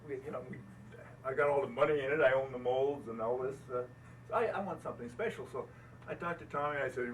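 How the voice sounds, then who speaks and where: At an owners' gathering, an older American man who builds boats rattles off folksy stories in a mid-range voice, laughing at himself as he talks to the crowd. Recorded from afar, the audio is poor, with slight background noise and a faint ambient wash.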